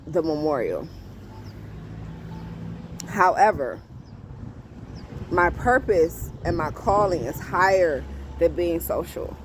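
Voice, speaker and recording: Out on a street with background noise around her, a woman with a lowish voice vlogs to camera, sharing casual spiritual advice. She is emphatic, repeats herself, and laughs often as she talks about faith.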